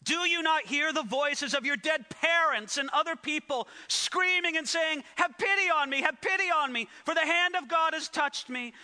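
A man voicing a pushy medieval indulgence preacher, pleading loudly in a sales pitch. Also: moderate pace, hardly any pauses, exaggerated voice. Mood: fervent pleading. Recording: echoey hall.

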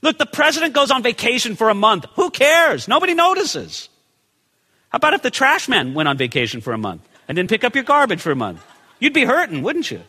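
A man preaching in a bright, ringing voice that sits high and swings widely in pitch. He is lively and conversational, throws rhetorical questions at his listeners and slips into the voices of the people he talks about. A long hall reverb trails after his words. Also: fairly quick, slightly rough. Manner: animated, acts out the people in the story. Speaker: pastor. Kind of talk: expository sermon.

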